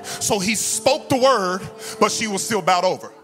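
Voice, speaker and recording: In a church sanctuary with organ music under his voice, a pastor in an unhurried, high and fairly bright voice calls to the congregation. His call-and-response sermon climbs into sung whoops.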